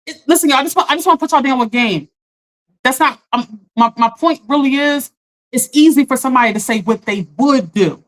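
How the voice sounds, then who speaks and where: A woman life coach in casual live-stream chat, animated, laughing often and talking straight to her viewers. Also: high voice, a little fast, rough recording.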